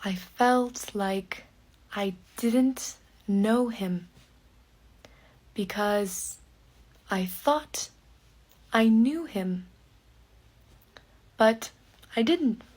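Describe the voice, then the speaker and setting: Very slow-talking woman telling a story. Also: fairly high pitch, a little mellow. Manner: very slow, short phrases with pauses, often dropping to a breathy half-whisper. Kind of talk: slow personal storytelling for learners.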